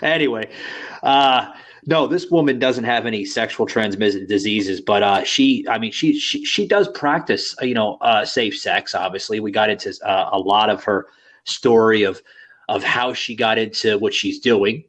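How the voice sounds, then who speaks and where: A man's voice: lowish voice, normal speed, a bit bright. A man hosting a podcast in casual chat, rambling with many fillers and crude banter. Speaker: podcast host.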